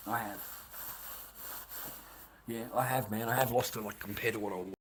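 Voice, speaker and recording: An Australian man rambling on a livestream, swearing often and swinging between loud rants and muttered whispers. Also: lowish voice, steady tone, normal speed, long pauses, background noise.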